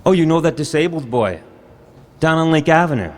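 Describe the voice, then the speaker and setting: A man's voice: on the high side, animated, brisk, pitched above the performer's own voice, close to an everyday voice. A man voicing a stern, reproachful middle-aged mother, her voice raised a little above his own. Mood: pointed questioning. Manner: indignant, reproachful.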